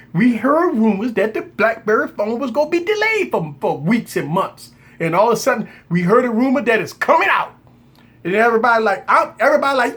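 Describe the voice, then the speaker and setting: A man hosting a casual tech livestream, preaching his point with lots of repetition and mock shouted reactions, greeting viewers by name. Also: sits high. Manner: repeats phrases for emphasis, greets viewers by name. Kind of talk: casual live chat.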